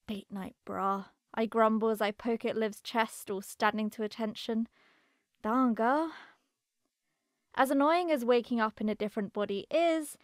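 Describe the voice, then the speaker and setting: A woman reads a first-person story in a fairly high voice. She performs the dialogue in character as she goes. The recording is dry and close. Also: dry recording. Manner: expressive, acts out dialogue in character. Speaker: audiobook narrator.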